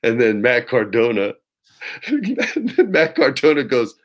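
A man as an interview guest, telling casual stories in an animated way with swearing and laughter. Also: medium pitch, a little slow. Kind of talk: casual storytelling.

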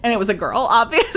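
Chatty young woman telling a story. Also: high voice. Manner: animated storyteller, acts out quoted voices. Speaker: podcast co-host. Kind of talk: casual chat.

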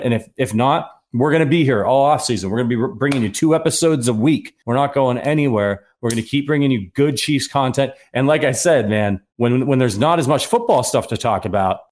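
A man's voice: medium pitch, darkish tone. A man hosting a sports podcast, talking in an earnest, rambling way with frequent restarts. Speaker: podcast host. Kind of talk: casual podcast chat.

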